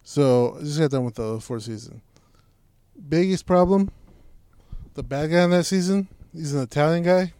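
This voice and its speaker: A man's voice: on the high side, normal speed, dark tone, clear, resonant tone, dry recording. Profane joking podcast man, dry sound. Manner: profane, joking, mock voices. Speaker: podcast co-host. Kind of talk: crude casual chat.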